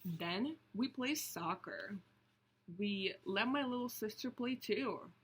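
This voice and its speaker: A woman reading a picture book aloud, slow and deliberate, stopping to point out the pictures. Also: medium pitch, expressive, a bit bright, husky. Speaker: storybook reader.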